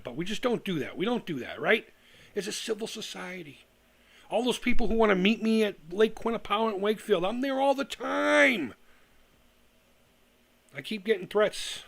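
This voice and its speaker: A man's voice: high-pitched, big pitch swings, moderate pace, vocal fry, a bit bright. A middle-aged man ranting to viewers on a live stream, heated, sarcastic and profane, often stumbling and restarting his sentences. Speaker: retro gaming YouTuber on a live stream.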